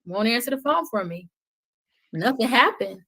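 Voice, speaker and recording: A middle-aged woman talking passionately as a podcast guest, preachy and swinging between loud outbursts and hushed words. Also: on the high side, animated, moderate pace.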